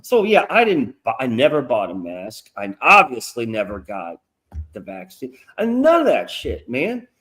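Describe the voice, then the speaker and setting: A man's voice: medium pitch, wildly swooping pitch, moderate pace, fairly bright tone. A middle-aged man telling stories in a casual, profane interview chat, acting out quoted asides. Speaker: guest comic creator. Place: lives in North Carolina.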